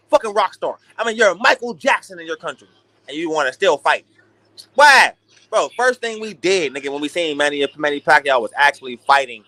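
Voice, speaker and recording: A young man hosting a boxing talk stream, ranting in an animated, profane, casual way. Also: high-pitched, dry recording. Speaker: boxing talk show host. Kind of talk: casual livestream rant.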